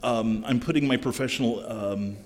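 A man's voice: mid-range voice, moderate pace. Wry man guesting on a podcast. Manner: wry, self-deprecating, many ums. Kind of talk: casual podcast chat.

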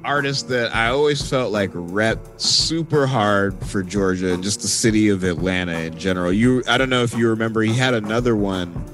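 A man hosting a podcast in a relaxed, playful chat, with many fillers. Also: lowish voice, normal speed, hardly any pauses, music in the background. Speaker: podcast host. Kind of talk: casual chat.

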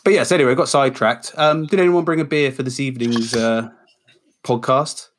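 A man's voice: mid-range voice, brisk, slight background noise. Man hosting a football podcast. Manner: runs the segments, reads out lists, quizzes the others. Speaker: podcast host. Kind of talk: casual podcast chat.

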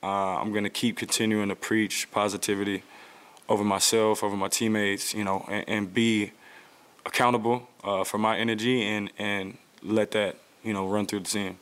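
A man in his thirties answering press conference questions in a relaxed, reflective way with many fillers. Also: on the low side, normal speed. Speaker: football player at press conference.

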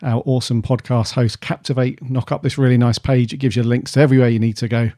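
Podcast host guy, jokey, slangy, mid-pitched, dry close sound. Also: flat delivery, fast talker, mellow, no echo. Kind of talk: casual podcast chat.

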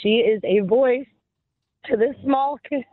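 A woman's voice: a little high, a little slow, dry recording. Tearful woman caller on a tinny phone line. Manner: impassioned, grieving, rambling. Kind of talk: call-in to talk radio. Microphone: telephone.

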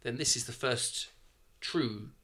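A man's voice: mid-range voice, slow, bright, forceful tone. A man in a casual conversation, animatedly picking apart a film's logic and asking rhetorical questions. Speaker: podcast co-host. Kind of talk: casual film discussion.

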